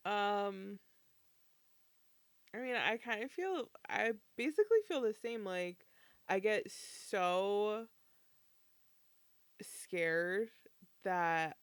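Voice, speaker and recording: A woman co-hosting a podcast in casual chat, talking in a relaxed, thoughtful way and murmuring agreement often. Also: medium pitch, extremely slow, pauses often, clean tone, no room sound. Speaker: podcast co-host.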